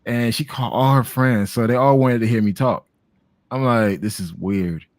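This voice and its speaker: A man's voice: mid-range voice, fairly even intonation, moderate pace, no echo, studio quality. An American man from Miami chatting casually on a video call, laid-back and slangy, calling everyone man and bro. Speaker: guest on travel talk. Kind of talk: casual chat.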